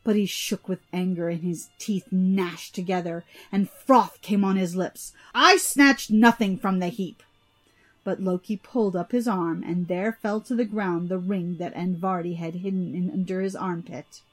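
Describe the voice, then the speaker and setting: A woman reading an old myth aloud in an even, deliberate storytelling manner. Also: lowish voice, faint music behind.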